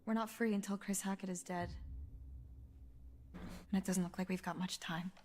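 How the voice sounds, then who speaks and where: A woman's voice: medium pitch, fairly even intonation, normal speed, darkish tone, a little hiss or hum, natural voice. An actress voicing a determined young woman in a video game, speaking with resolute urgency.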